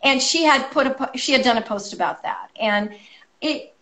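A woman with a fairly high voice talks over a video call, full of enthusiasm and filler words. She is a guest artist from California in a relaxed chat. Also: moderate pace. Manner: enthusiastic, chatty, many ums. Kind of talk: casual chat.

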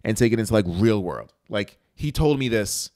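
A man in his thirties hosting a podcast, talking bluntly and profanely in casual banter, getting loud when he argues. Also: fairly low pitch, lively intonation, normal speed, no echo, studio quality. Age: 30s. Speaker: podcast host.

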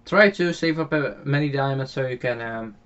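A man's voice: mid-range voice, moderate pace, fairly bright tone, clear, resonant tone, dull audio. A man with a Dutch accent giving casual, hesitant commentary on a farming game, voiced after the recording, with many filler sounds and restarts. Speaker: game channel host.

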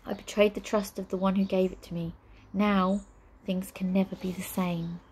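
A woman voicing a regretful mother quietly confessing, in a measured storybook reading. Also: mid-range voice, flat delivery, husky, rough recording.

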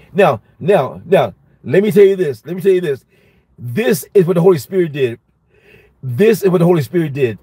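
A man teaching a Bible study as a minister, telling a personal story in a lively sermon style and repeating each phrase for emphasis. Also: a little high, husky, no room sound.

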